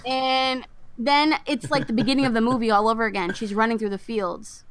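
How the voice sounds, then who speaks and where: A woman's voice: a little high, brisk, clean tone. A woman co-hosting a podcast, casually retelling a film plot and acting out its lines in a raised voice. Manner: animated storytelling, acts out quotes in a raised voice. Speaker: podcast co-host. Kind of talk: casual chat recapping a film.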